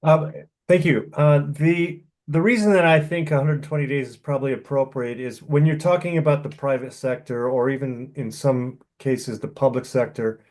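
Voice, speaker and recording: A man, the incoming town administrator, explaining his reasoning to the board in a measured way. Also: mid-range voice, steady tone, darkish tone. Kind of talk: public meeting discussion.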